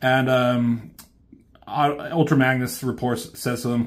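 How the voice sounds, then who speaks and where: A man's voice: mid-range voice, steady tone, unhurried. Rambling man retelling a comic. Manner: rambling, many fillers, swears. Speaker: reviewer.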